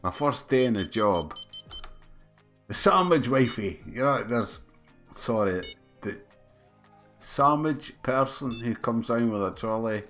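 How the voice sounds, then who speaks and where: A man's voice: mid-range voice, expressive, slow pace, pauses often, fairly bright tone. A middle-aged Scottish man chatting with his live viewers as he streams a game, telling a story with laughter, swearing and restarts. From Scotland. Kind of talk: casual chat with live viewers. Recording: faint music behind.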